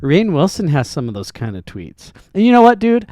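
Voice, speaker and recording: An excitable man swearing freely in casual podcast banter, his voice slightly high and jumping all over the place. It is close and dry on the mic, with no room sound at all. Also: a little fast, dry recording. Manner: loud, profane, excitable. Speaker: podcast co-host.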